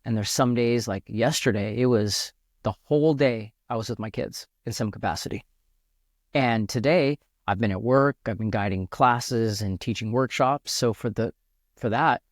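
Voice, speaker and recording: A man's voice: on the low side, no room sound, clean studio sound. A man talking as a podcast guest in an earnest, reflective way, often restarting his sentences as he thinks aloud. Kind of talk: reflective casual conversation.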